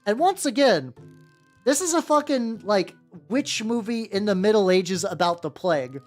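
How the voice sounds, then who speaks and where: A woman's voice: mid-range voice, expressive, normal speed, a little mellow. A woman from America streaming as a VTuber while painting miniatures, chatting casually with viewers in a rambling, profane way. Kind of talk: casual livestream chat. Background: faint background music.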